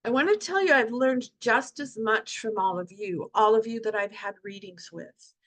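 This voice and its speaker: A middle-aged woman speaks with heartfelt passion, slipping into lively quoted asides as she tells her stories. Her voice sits a little high, and the sound is that of a video call. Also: moderate pace. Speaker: guest speaker at support group. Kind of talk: emotional personal talk to an online group.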